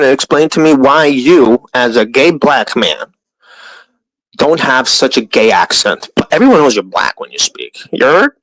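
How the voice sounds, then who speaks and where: Streamer man, lively up-and-down delivery, profane rant with mocking impressions. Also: medium pitch, low-quality recording. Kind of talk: ranting live-stream monologue.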